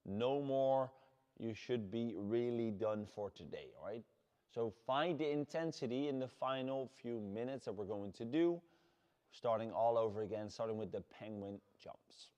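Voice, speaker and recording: A man with a Dutch accent leading a workout class as fitness coach, shouting energetic encouragement. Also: medium pitch, moderate pace, clean tone, lo-fi sound. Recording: long hall reverb.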